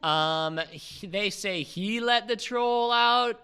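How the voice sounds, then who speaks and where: A man's voice: high voice, slow pace, creaky, sharp tone, clean tone. A man hosting a comedy movie podcast, recapping a film scene by scene, laughing often and slipping into silly voices. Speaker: podcast host.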